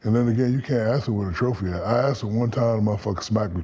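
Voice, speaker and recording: A man in his fifties tells stories as a podcast guest, with a low, dark, husky voice. He is profane and animated, and he acts out the people he quotes. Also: racing. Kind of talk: storytelling in casual interview.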